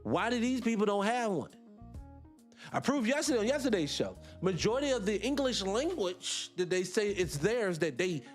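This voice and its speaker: A man hosting a radio talk show, arguing his points in an animated, rhetorical way and repeating himself for emphasis. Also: high-pitched. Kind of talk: opinionated solo radio talk.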